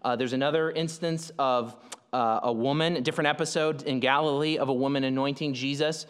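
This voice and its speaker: A man's voice: medium pitch, steady tone, brisk, smooth. Man preaching in an echoing hall. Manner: conversational, explanatory, frequent fillers and restarts. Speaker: pastor. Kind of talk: sermon.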